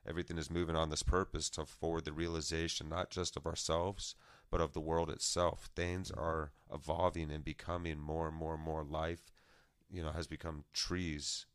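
A man's voice: very deep voice, level tone, normal speed, hardly any pauses, clear, resonant tone, no echo, studio quality. A man co-hosting a podcast, musing at length in a casual philosophical discussion and sometimes trailing off mid-thought. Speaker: podcast co-host.

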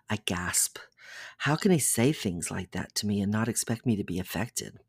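A podcast host reading an erotic audiobook aloud in a soft, intimate way that slips into whispers. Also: deep voice, normal speed, gravelly, breathy edge, dry recording, clean studio sound. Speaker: podcast storyteller.

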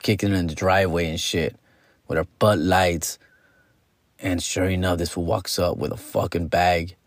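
A man's voice: low voice, level tone, normal speed, no room sound. A young adult man telling a casual anecdote, slangy and profane, constantly tossing in fool and dude. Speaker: storyteller.

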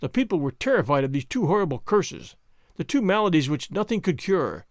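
A man's voice: on the high side, very animated, brisk, dry recording, studio quality. A man narrating a classic novel aloud as a podcast host, reading expressively and dramatically. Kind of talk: scripted narration.

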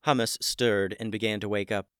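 A man narrating a children's story in a gentle storytelling manner, building the excitement through its dramatic parts. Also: lowish voice, normal speed, clean tone, dry recording, studio quality. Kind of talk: scripted narration.

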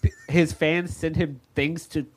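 A man's voice: on the high side, measured pace, slight background noise. An American man co-hosting a podcast in casual banter, rambling and profane as he tells stories. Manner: rambling, profane, animated storytelling. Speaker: podcast co-host.

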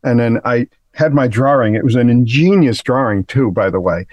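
A man's voice: medium pitch, normal speed, a little mellow, dull audio, slight background noise. A man, a guitarist guest, chatting casually and rambling with many fillers. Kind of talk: casual chat.

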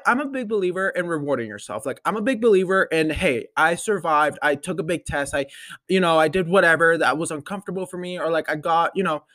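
Young man, 19, solo podcast host, chatty and gushing, higher-pitched, dry close sound. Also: dry recording. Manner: chatty and gushing, filler-heavy, with sudden excited jumps in pitch. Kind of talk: casual chat.

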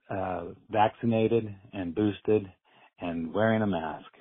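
A man calling in to a show, leaving an earnest, effusive voicemail that repeats phrases. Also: lowish voice. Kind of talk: rambling call-in message. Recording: tinny phone line.

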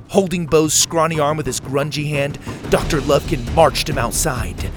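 A man narrating a storybook with a dramatic, expressive reading. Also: fairly high pitch, normal speed, faint music behind.

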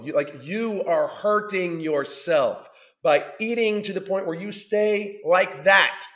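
A man hosting a podcast, ranting through a blunt, combative reaction commentary full of swearing. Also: a little high. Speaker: podcast host. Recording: roomy echo.

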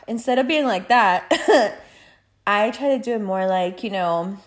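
Woman host, mid-pitched, loose, profane, laughs through her stories. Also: takes it slowly. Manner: animated, profane, laughs often while telling stories. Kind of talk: casual chat.

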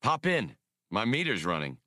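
A man voicing a cocky, sardonic male starship captain in an audiobook, quick and commanding. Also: on the low side, wildly swooping pitch, sharp tone, no echo, clean studio sound, heavily acted. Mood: wry. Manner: wry, commanding.

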